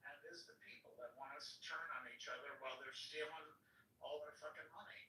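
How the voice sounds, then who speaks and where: Exasperated higher-voiced man, echoey. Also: fairly even intonation, quick pace, sharp tone. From United States. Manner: exasperated, profane, insistent. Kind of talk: heated political debate. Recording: echoey, distant voice-chat audio with faint rumble.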